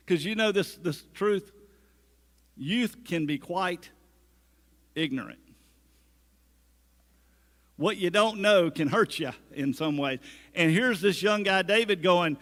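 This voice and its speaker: Man, pastor, sermon, bright tense voice, long church reverb. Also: fairly high pitch, moderate pace. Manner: conversational, humorous asides, acts out quotes. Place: church sanctuary.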